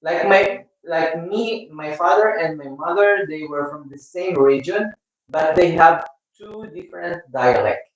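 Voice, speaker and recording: A man with a Filipino accent chats casually on a live stream, talking slowly and restarting his sentences often. His voice sits a little high. He sounds far from the mic in a strongly echoing room. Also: muffled recording. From Philippines. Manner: rambling, halting, with many restarts. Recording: echoey room, mic at a distance.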